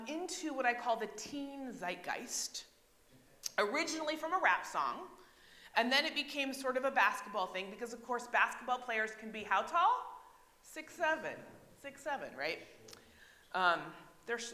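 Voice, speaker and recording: Her voice on the high side, pushed and bright, this American pastor keeps her sermon chatty, posing questions to the congregation and tossing in frequent "right?" checks. She's recorded in an echoey church sanctuary.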